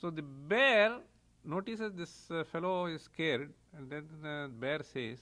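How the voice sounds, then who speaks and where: A man's voice: a little high, slow pace, pushed and bright. A middle-aged man giving a lecture as a professor, retelling stories with chuckles and explaining Sanskrit terms.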